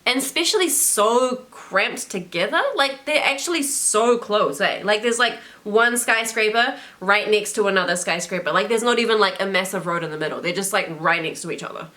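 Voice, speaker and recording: A woman's voice: mid-range voice, moderate pace, few pauses, bright, forceful tone. A young woman with a New Zealand accent, chatting casually and animatedly in a vlog, with lots of fillers. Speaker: travel vlogger.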